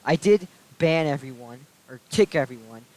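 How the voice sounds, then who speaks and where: A man's voice: medium pitch, expressive, moderate pace, rough recording. A young man vlogging a casual storytime rant, aggrieved and swearing freely as he recounts a falling-out. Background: soft background music.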